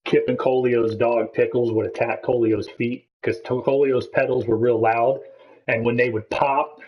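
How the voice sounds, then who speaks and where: A man's voice: medium pitch, flat delivery, moderate pace, lo-fi sound. A man chatting casually and teasing others on a sim racing broadcast, laughing often.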